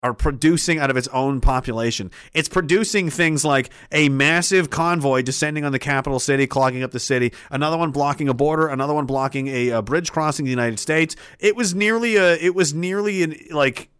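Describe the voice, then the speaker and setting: A man's voice: a little high, brisk, few pauses, a bit bright, smooth, dry recording, clean studio sound. A man talking politics in a rambling, profane way, laughing often. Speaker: commentator. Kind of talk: political commentary vlog.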